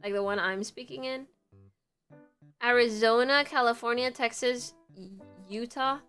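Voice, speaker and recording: A woman's voice: fairly high pitch, measured pace, a bit bright, clean tone, faint music behind. A woman streamer chatting casually, full of fillers, reacting to a video. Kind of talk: casual live-stream chat.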